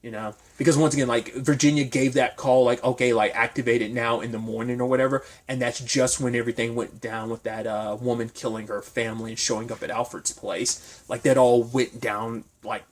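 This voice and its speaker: Rambling man recapping an episode. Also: mid-range voice. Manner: rambling, filler-heavy, speculative. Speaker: TV episode reviewer. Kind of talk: casual recap talk.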